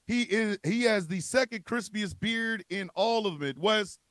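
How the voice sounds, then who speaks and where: A man hosting a casual comedy chat show, excitable and profane, hyping up each guest as he introduces them. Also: high-pitched, normal speed, dry recording. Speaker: show host.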